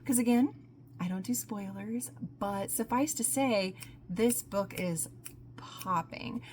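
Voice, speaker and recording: A woman talking casually about books in her vlog, gushing and excitable, breaking into squeals and laughter. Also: medium pitch, slow pace, slight background noise. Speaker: book vlogger. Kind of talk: casual book review vlog.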